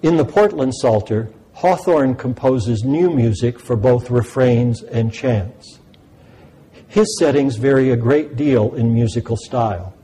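A man gives a measured, explanatory lesson on liturgical music. His voice is mellow and dark, with a faint hiss of background noise under it. He sounds steady and methodical. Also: mid-range voice, rough recording. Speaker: sacred music instructor. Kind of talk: scripted lesson narration.

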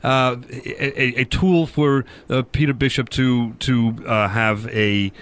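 A man in a conversational interview, at a middle pitch, building long questions slowly with many pauses and restarts. He keeps nudging the talk along with short replies. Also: steady tone, a bit bright. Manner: halting, full of fillers and restarts, many "right"s.

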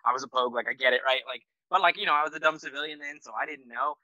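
A man's voice: medium pitch, rapid-fire, bright, forceful tone, no echo, poor audio. A man in his forties from the United States, a military veteran guest telling his story in a loose, self-deprecating way, full of fillers and restarts. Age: 40s. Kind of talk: casual storytelling interview.

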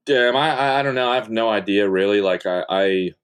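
Low-voiced laid-back young man. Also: a little fast, smooth. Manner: laid-back, rambling, swears casually, many fillers. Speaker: podcast guest, content creator. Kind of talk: casual interview chat.

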